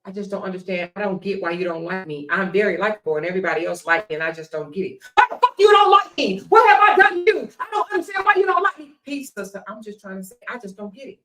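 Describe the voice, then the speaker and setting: A woman mocking a male panelist who swings from whiny, soft pleading to screaming, profane rage. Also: mid-range voice, sing-song, fast, few pauses, background noise, natural voice.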